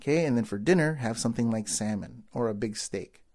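A man telling a casual story to his viewers, animated and slangy, often saying "dude" and "right?". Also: medium pitch, brisk.

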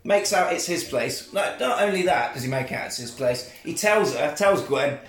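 A jokey, rambling man retells a film, his voice sitting high. The room sounds roomy and echoey, with faint music behind. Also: lively intonation, moderate pace, few pauses. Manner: jokey, rambling, acts out scenes. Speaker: podcast co-host. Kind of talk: casual film recap.

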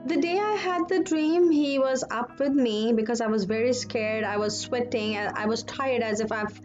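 A woman's voice: a little high, a little mellow, dull audio, soft background music. A woman guest earnestly telling a personal story about her husband and a frightening dream, her words speeding up when she quotes herself. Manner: earnest, emotional, fast bursts when quoting. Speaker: podcast guest.

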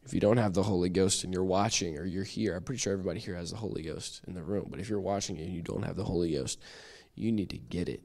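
A man teaching a church Bible study, conversational and lively, acting out little quoted voices as he explains. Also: deep voice, fast, hardly any pauses.

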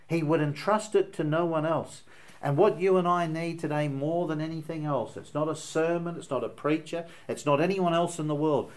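Northern irish preacher guy, bit high voiced, earnest and emphatic, tells stories mid-sermon. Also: normal speed.

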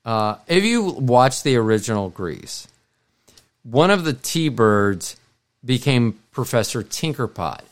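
A man's voice: medium pitch, sing-song, takes it slowly. A middle-aged man co-hosting a podcast, talking in a casual, meandering way with frequent restarts and self-corrections. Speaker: podcast co-host. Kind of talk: casual rambling monologue.

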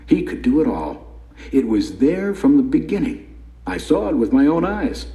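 A man's voice: medium pitch, sing-song, moderate pace, warm tone, pitched above the performer's own voice. A man voicing an older male baseball lover who questions a boy firmly and emphatically, in a roomy echo. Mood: reminiscing.

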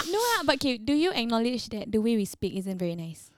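A woman with a Singaporean English accent, co-hosting a podcast, asking questions in a quick chatty way. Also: on the high side, sing-song, no echo. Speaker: podcast co-host. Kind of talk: casual podcast chat.

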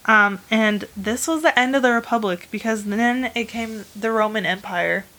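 A woman's voice: fairly high pitch, moderate pace, pushed and bright. A woman hosting a casual chat, telling a history story in a rambling, chatty way full of fillers and bursts of humor. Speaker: host.

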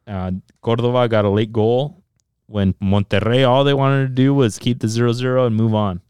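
A man co-hosting a soccer podcast in casual, animated chat, swearing freely and switching into Spanish. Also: medium pitch, normal speed, smooth, no echo, studio quality.

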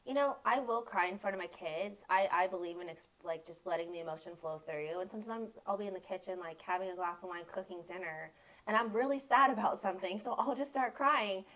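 A woman's voice: medium pitch, fast, rough recording. A woman in her thirties, a photographer guest on a podcast, openly telling stories about her kids in casual chat. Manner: open, warm storytelling about her kids.

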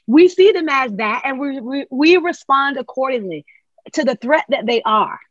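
A woman's voice: sits high, lively intonation, moderate pace, no room sound, lo-fi sound. A woman from Charlotte with a North Carolina Southern accent, talking as a podcast guest in an emphatic, passionate way, often tagging "right?". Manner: emphatic, passionate, tag questions. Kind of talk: podcast conversation.

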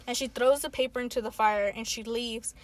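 A woman's voice: on the high side, fairly even intonation, fairly quick. A woman casually recapping a movie, rambling and filling her talk with "like". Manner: rambling, heavy use of "like", acts out quotes.

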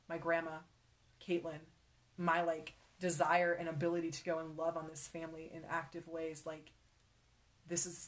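A young woman with a slightly low voice tells a personal story in an unscripted interview. She speaks in halting bursts full of fillers and often sinks to a near whisper. Her delivery is heartfelt and conversational. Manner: emotional, halting, many fillers, drops to a whisper. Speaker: guest sharing her faith story.

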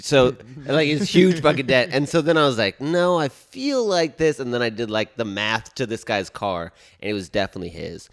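Animated man telling a comic story. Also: mid-range voice, fairly quick, few pauses. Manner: animated storyteller, acts out quotes. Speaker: podcast host. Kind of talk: casual comedic chat.

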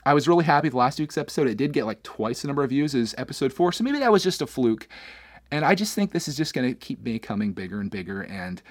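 A man hosts his own podcast and talks to his viewers in a loose, candid ramble. He keeps circling back and restarting his sentences. His voice sits at an average pitch, recorded close in a dry studio. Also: big pitch swings, quick pace, no room sound. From Pennsylvania, USA. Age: adult, father of a young son. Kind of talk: casual personal podcast monologue.

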